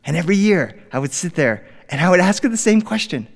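A middle-aged man telling a family story to a live audience, playful and animated, swinging between hushed and excited. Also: sits high, quick pace, vocal fry. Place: studio stage with live audience. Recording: reverberant hall, live audience.

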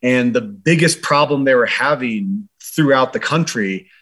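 Speaking a little slowly in a mid-range, fairly bright voice with a breathy edge, a man who once served as a military advisor answers interview questions. His storytelling is reflective and sincere, peppered with "like" and "you know."

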